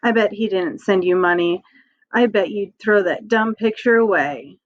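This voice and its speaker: A woman's voice: mid-range voice, moderate pace, dry recording, dull audio, close to an everyday voice. A woman voicing a pushy young boy in a storybook reading, asking blunt, needling questions.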